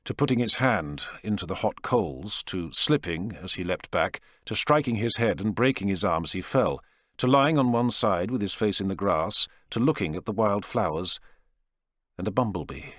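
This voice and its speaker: Deep-voiced male audiobook narrator. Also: lively intonation, moderate pace, fairly bright tone, no room sound, studio quality. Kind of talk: scripted narration.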